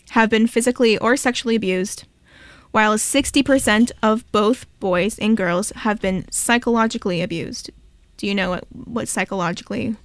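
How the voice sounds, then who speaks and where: A woman's voice: on the high side, no echo, studio quality. A young woman hosting a college radio talk show, bubbly and jokey with her guest. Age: young adult. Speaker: radio host.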